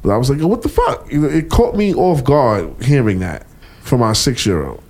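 Lively New man telling stories. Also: mid-range voice, moderate pace. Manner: animated storyteller, acts out his kids' voices; profane, blunt. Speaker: podcast co-host. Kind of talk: casual chat.

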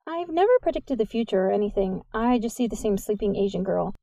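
An awkward, self-conscious teenage girl, a touch nervous and eager to please, as a woman reads her in a storybook. The voice is mellow and dry, set close. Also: mid-range voice, animated, fast, vocal fry, dry recording.

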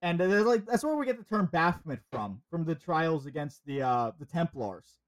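Podcast host rambling through a story, mid pitch, lots of restarts. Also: very animated, moderate pace. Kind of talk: casual chat.

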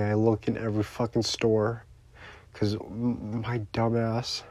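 A man's voice: lowish voice, a little mellow. A man crying as he records a rambling, profane, heartbroken personal voice message.

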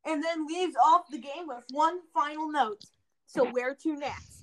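Brief: female podcast host, high bright pitch, rambling jokey recap, casual. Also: a little slow, poor audio. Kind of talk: casual game review chat.

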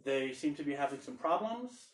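A man's voice: on the high side, animated, normal speed, echoey room, distant mic, close to an everyday voice, rough recording. Zelia, a shrewd shop owner, as a man puts her on. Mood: polite. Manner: starts in a sweet customer-service voice, then drops it. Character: female shop owner and information broker.

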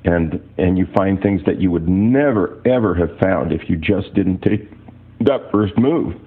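A man's voice: deep voice, unhurried, breathy edge. An older man, an artist, telling rambling personal stories in a casual talk. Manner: rambling anecdotal storyteller. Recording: tinny phone-like audio.

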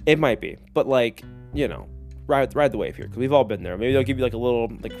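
A man's voice: mid-range voice, animated, quick pace, creaky, a little mellow, faint music behind. Rambling, joking man talking on his podcast. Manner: rambling, joking, lots of fillers. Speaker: podcast host. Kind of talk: casual solo podcast talk.

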